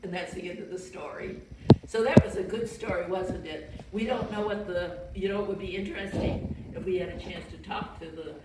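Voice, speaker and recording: A woman telling a Bible story to children in a gentle storytelling manner, explaining as she goes and asking her listeners questions. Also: lowish voice, fairly even intonation, fairly quick. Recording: very echoey room, far from mic, faint noise.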